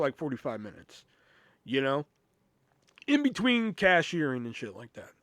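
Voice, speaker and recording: A man's voice: on the high side, sing-song, normal speed, fairly bright tone, no room sound. Profane, rambling male podcast storyteller. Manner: profane, rambling, lots of "you know". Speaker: podcast host. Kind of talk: casual storytelling.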